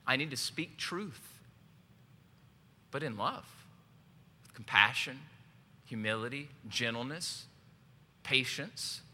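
Lively, sharp-voiced male preacher in hall. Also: medium pitch, slow pace, pauses often. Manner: animated, joking, asks the congregation questions. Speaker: pastor. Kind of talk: sermon with personal storytelling. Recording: long hall reverb, faint background noise.

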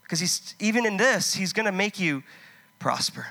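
A man preaching a sermon, impassioned and conversational, swinging from loud urging to hushed storytelling. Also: high-pitched, animated, moderate pace. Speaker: pastor.

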